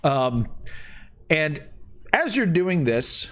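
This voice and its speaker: Male game master, loose rambling narration, animated pitch. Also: very slow.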